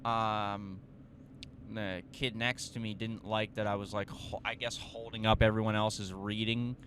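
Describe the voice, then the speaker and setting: A young man tells a story on his podcast in a casual monologue that's profane, self-mocking and full of fillers and restarts. His voice is fairly low and fairly bright, measured, with little pitch movement, and slight background noise can be heard.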